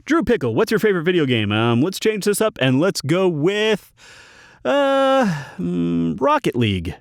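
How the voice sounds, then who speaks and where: Guy doing a casual q&a from his booth, pitch bouncing all over, super dry close mic, deadpan one-word answers a lot. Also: a little fast, dry recording. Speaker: YouTube channel host. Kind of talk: casual Q&A, reading viewer questions. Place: home recording booth. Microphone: studio microphone in a recording booth.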